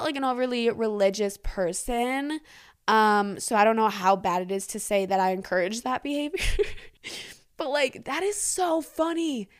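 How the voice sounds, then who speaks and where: A young woman hosting a podcast, reading listener secrets aloud and reacting in a chatty, giggly, animated way. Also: medium pitch. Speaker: podcast host.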